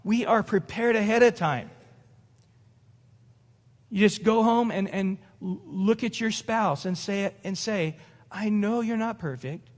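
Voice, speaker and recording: A man's voice: high-pitched, takes it slowly, long pauses. A middle-aged male pastor preaching an evening sermon in a conversational way, laughing and acting out little dialogues. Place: church sanctuary. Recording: long hall reverb.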